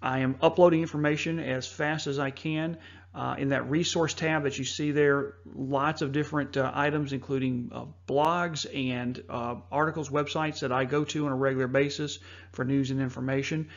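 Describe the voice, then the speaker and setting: A man hosting a preparedness talk, narrating over slides in an earnest, measured way with frequent fillers. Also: medium pitch, fairly even intonation, dull audio. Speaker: host.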